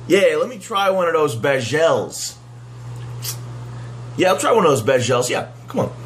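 A man's voice: a little high, sing-song, normal speed, a little hiss or hum. A man playing a brash, rude tough guy who is baffled by bagels and picks fights with the staff. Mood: gruff. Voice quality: gruff, rude, wisecracking street-guy manner. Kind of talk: comedy sketch.

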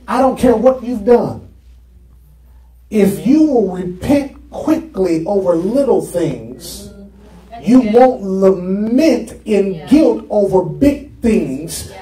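A man's voice: sits high, warm tone. A man preaching a sermon to his congregation, asking them questions and waiting for their answers. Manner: call-and-response preaching, asks the congregation questions. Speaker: pastor. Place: church sanctuary. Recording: echoey church from far off.

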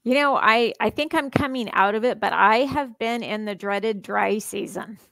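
A woman guest on a podcast, talking in an animated, earnest way and laughing often. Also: on the high side, moderate pace, vocal fry, dry recording. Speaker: podcast guest, psychologist and author. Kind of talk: casual conversational interview.

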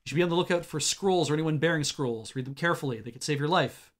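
A man's voice: a little high, quick pace, natural voice. A man reading the lines of a wary stranger behind a door in a game, clipped and commanding. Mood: stern.

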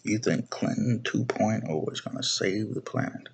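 This video blogger is a young man whose lowish voice sounds creaky and slightly rough at a normal speed. In his political rant to camera he's blunt and swears a lot, repeating himself and restarting phrases again and again.

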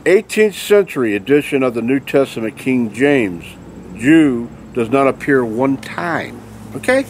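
In an expressive, medium-pitched voice, a little slow, a man vents angrily to his camera as a vlogger. He hammers his points home and keeps asking "okay?", with slight hiss or hum underneath.

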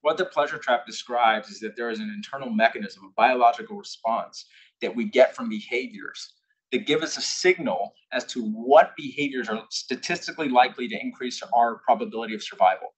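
A man's voice: medium pitch, a little fast, breathy edge, rough recording. A young man giving an invited talk to a live audience, telling a candid personal story and now and then acting out what people said. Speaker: invited speaker. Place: corporate headquarters presentation room.

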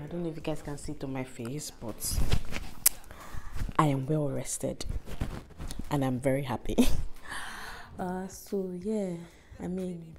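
Tired, low-voiced woman vlogging. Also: creaky, noisy background. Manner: chatty, rambling, laughs between thoughts. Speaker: travel vlogger. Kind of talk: casual vlog chat. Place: indoors in a house.

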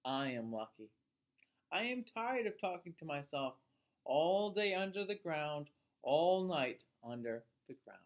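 A man's voice: a little high, sing-song, a little slow. A man voicing a clacking, lonely but friendly skeleton, in a playful, theatrical storybook voice. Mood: content.

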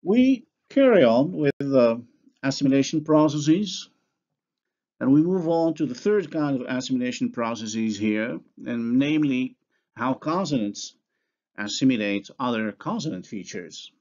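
A man giving a recorded university phonology lecture, speaking deliberately and pausing to pronounce example words. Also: medium pitch, expressive, darkish tone, muffled recording.

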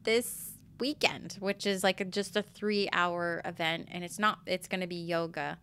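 A woman's voice: lowish voice, steady tone, normal speed, fairly bright tone, clear, resonant tone. A woman with a Boston accent, a yoga and breathwork teacher talking as a guest in a casual interview. She speaks candidly, rambles a little and swears freely.

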